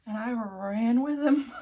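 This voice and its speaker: A young woman in her twenties, telling a story in a casual vlog, animated, swearing freely and laughing often. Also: on the high side, slow pace. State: out of breath. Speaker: vlogger.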